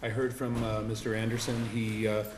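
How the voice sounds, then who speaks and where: Man, council member, quiet and halting, low voice, noisy echoey room. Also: flat delivery. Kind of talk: meeting remarks. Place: city council chamber.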